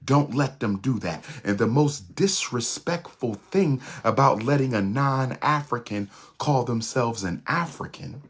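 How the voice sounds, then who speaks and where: A man giving an impassioned lecture in a rhythmic, repetitive preaching cadence, with a husky voice. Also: mid-range voice, lively intonation, a little slow, hardly any pauses. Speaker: speaker.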